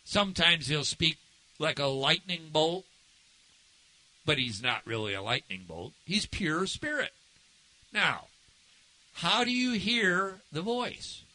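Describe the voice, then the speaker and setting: A man's voice: on the high side, sing-song, takes it slowly, pauses often, pushed and bright, poor audio. A man preaching a sermon as pastor, conversational and asking the congregation questions.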